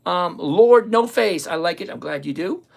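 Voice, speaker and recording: On a live investing stream, a retired older host talks right into the camera and shoots back replies to viewer comments. His gravelly voice sits at a middle pitch, a little mellow and expressive, moving at a moderate pace. He's blunt and sarcastic, hammering each point home by repeating phrases again and again.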